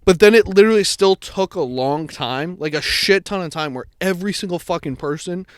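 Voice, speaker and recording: A man's voice: sits high, a little fast, smooth, no room sound, studio quality. A young man co-hosting a podcast, telling a long story in casual chat, swearing and acting out the people in it. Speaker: podcast co-host.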